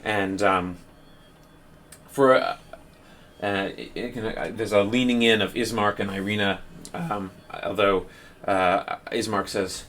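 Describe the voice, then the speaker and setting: A man running a tabletop roleplaying game, describing the scene in a low voice. His narration is loose and rambling, full of ums and restarts. Faint noise sits underneath. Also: measured pace, pauses often, fairly bright tone. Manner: rambling, filler-heavy description. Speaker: dungeon master.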